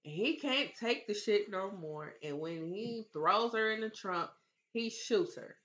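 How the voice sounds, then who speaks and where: Bright-voiced woman recapping a movie, lo-fi. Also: medium pitch, unhurried. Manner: animated, exasperated, swears freely. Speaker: movie review podcast co-host. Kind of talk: casual chat, retelling a movie plot.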